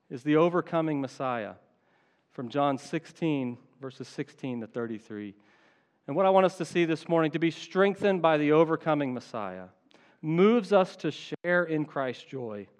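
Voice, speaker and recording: A man preaching a sermon as pastor, earnest and emphatic, slowing down to stretch key phrases. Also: a little high, smooth, in a large hall.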